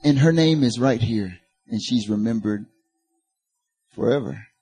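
A man's voice: mid-range voice, measured pace, warm tone, breathy edge. A man preaching a sermon, building to emphatic peaks and turning to the congregation with casual asides. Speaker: pastor.

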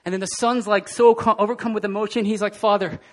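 High-voiced animated male pastor. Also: quick pace. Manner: animated, laughing, acting out scenes. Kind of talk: casual sermon. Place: church hall.

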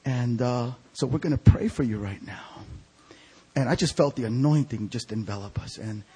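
A man preaching a storytelling sermon as an evangelist, animated and acting out the voices of people in his stories. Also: medium pitch, moderate pace, slightly rough. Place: church sanctuary.

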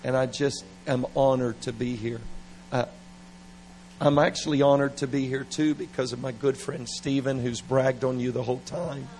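A middle-aged man preaching at a revival service, animated and playful, with laughing asides. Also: mid-range voice, moderate pace, slight background noise, poor audio. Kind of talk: revival sermon.

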